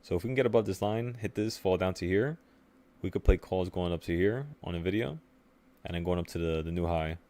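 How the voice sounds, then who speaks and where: A man's voice: low-pitched, brisk, mellow. A young man casually talking through stock charts on a screen share, thinking aloud and laughing at his own slips. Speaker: trading channel host.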